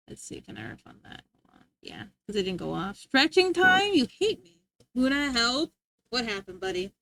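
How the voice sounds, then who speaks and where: A woman's voice: high-pitched, gravelly, fairly bright tone. A woman streaming live and chatting casually with her chat, playful and teasing, laughing often.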